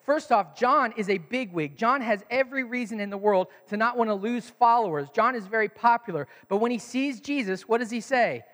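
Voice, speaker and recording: A man's voice: very high-pitched, fairly quick, few pauses, long reverb tail. A man preaching a sermon as pastor, telling stories and acting out quotes. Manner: animated storytelling, acts out quotes.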